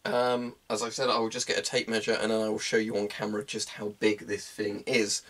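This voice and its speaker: A man with a fairly low voice talks through his homemade project in a relaxed show-and-tell. He rambles a little and fills pauses with ums. He speaks indoors in a room at home. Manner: rambling, chatty explaining with many ums. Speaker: hobbyist weapon maker. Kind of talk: casual show-and-tell vlog.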